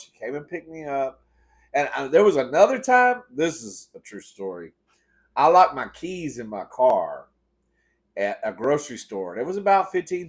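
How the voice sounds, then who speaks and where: Middle aged guy from the texas coast, swears a lot, laughs thru his funny stories on his eating show. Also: medium pitch. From Texas Gulf Coast. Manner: animated, profane and laughing. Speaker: host. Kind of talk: comedic storytelling while eating.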